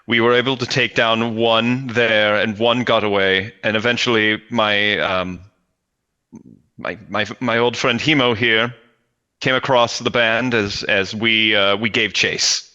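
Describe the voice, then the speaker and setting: A man voicing an earnest paladin who explains himself haltingly, with many restarts, in a tabletop game. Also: lowish voice, steady tone, bright, forceful tone, clean tone, dull audio. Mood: explaining. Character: earnest male paladin, town protector.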